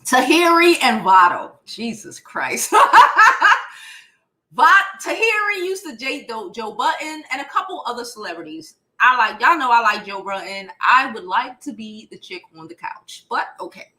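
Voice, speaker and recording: Brash Brooklyn woman with bright, high voice. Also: moderate pace, few pauses, roomy sound. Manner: blunt and profane, animated retelling. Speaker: commentator. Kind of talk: casual pop culture commentary.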